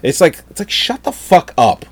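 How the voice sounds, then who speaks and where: Man, middle-aged, ranting storyteller with a swinging pitch, exasperated and swearing. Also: moderate pace, husky. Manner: animated, exasperated, swears often, laughs at own story. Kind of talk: casual chat, storytelling rant.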